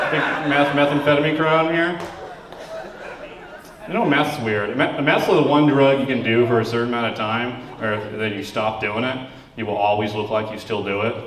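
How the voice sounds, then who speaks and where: A man doing a stand-up comedy set, delivering deadpan jokes that break into sudden loud outbursts. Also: mid-range voice. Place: comedy club stage. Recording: roomy club sound from a distance, crowd laughing. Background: audience laughter.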